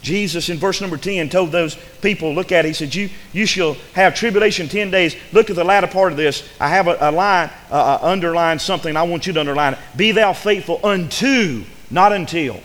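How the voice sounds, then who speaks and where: Male preacher, higher voice, emphatic sermon delivery with hushed asides, church hall reverb. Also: fast, few pauses. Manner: emphatic preaching, repeats words, swings between loud and hushed.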